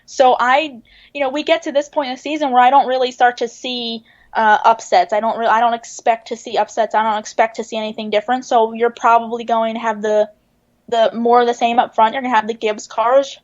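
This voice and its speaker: A woman's voice: a little high, flat delivery, dull audio. Woman talking racing, many fillers. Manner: measured, thinks aloud with many fillers and restarts. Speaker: guest racing writer. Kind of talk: casual podcast chat, analysis.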